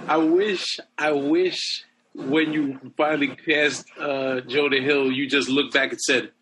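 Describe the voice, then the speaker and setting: A man's voice: on the high side, steady tone, slow, fairly bright tone. Easygoing male host, noisy recording. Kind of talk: casual chat. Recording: background noise.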